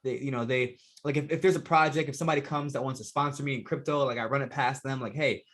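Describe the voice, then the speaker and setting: A man's voice: medium pitch, fairly even intonation, fast, fairly bright tone. A young man with a Jamaican accent, guesting on a podcast and talking in a loose, laid-back way full of slang and fillers. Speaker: guest, professional fighter. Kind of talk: casual podcast interview.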